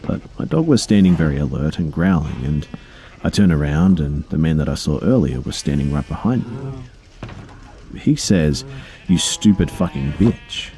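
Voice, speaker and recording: A man in his thirties narrating creepy true stories in a low-key, conversational way, with casual fillers and profanity. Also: lively intonation, moderate pace, dark tone.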